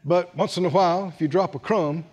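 A man preaching a sermon, calling on the congregation to answer back and swinging between loud bursts and quiet low lines. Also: brisk, long reverb tail, highs cut off, background noise.

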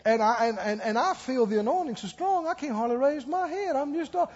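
A preacher delivers his sermon in a high, slightly husky voice, acting out the people in his stories. The recording is muffled, and a long echo hangs in the church hall. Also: a little fast. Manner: animated storytelling with acted-out quotes and laughter. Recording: dull echoey church hall.

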